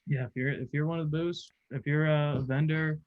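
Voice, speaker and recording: A man's voice: on the high side, fairly even intonation, moderate pace, no echo. A young man, a college angler, hosting a casual podcast, upbeat and loose with frequent fillers, talking over a video call. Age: young adult. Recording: dull, lo-fi video call audio.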